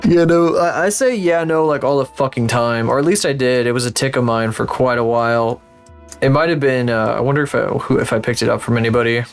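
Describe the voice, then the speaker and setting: A man's voice: medium pitch, fairly quick, creaky. A man commentates his own game on a live stream, rambling from thought to thought and swearing easily. His voice sits in an ordinary middle register. Faint music plays underneath. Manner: rambling, swearing, thinking aloud. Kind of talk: casual livestream commentary while playing a geography game.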